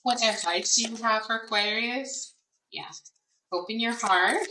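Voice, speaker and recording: A woman with a fairly high, sharp voice does a casual tarot and oracle card reading at an unhurried pace. She muses and hesitates aloud to Spirit, using lots of fillers. The echoey room and distant mic add a faint noise.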